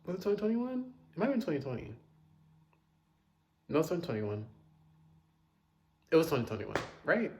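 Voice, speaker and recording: A man casually reviewing new pop releases, chatty and dramatic, with quick asides and loud outbursts. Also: fairly high pitch, sing-song, a little hiss or hum. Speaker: music reviewer.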